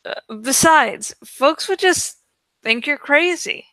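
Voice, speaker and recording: A woman voicing a teenage boy who calmly reassures a frightened stranger. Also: high voice, slow pace, dry recording, exaggerated voice. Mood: reassuring. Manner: soothing, reassuring.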